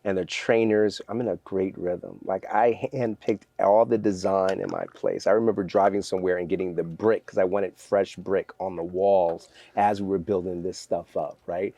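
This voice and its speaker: A man telling lively stories as a guest in a podcast interview, acting out what others said. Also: deep voice, moderate pace, few pauses, no echo. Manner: energetic, animated storyteller acting out quotes. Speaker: guest, fitness trainer.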